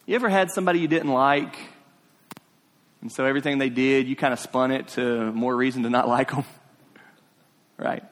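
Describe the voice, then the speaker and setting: Pastor preaching in a reverberant church. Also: male voice, mid-range voice, steady tone. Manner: preaching that swings between hushed, drawn-out lines and rising emphatic ones; repeats phrases for emphasis and asks the congregation questions. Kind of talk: sermon. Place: church sanctuary. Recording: long reverb of a church hall.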